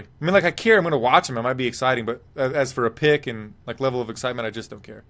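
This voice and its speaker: A man hosting a live MMA podcast, speaking in a loose, rambling way. He reads viewer comments out and gives blunt, offhand opinions. His voice sits at an ordinary middle pitch. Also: rapid-fire, hardly any pauses, fairly bright tone. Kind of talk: casual live-stream fight talk.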